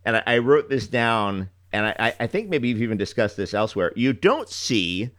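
A man's voice: mid-range voice, very animated, normal speed, a bit bright, dry recording, studio quality. A man from New York hosting a casual interview, chatty and hesitant, laughing easily. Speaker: podcast host.

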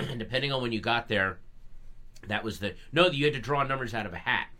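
Lively, bright-voiced comedian on radio. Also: male voice, mid-range voice, a little fast. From Virginia suburbs of Washington DC, USA. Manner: animated storyteller, laughs while talking. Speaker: guest comedian. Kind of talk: casual radio talk-show chat. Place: radio studio.

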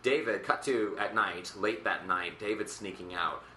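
A man's voice: on the low side, normal speed, sharp tone, slight background noise. A man co-hosting a casual chat about a TV episode, rambling with lots of fillers and jokes. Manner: rambling, filler-heavy, jokey. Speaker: podcast co-host. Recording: roomy echo with faint ambience.

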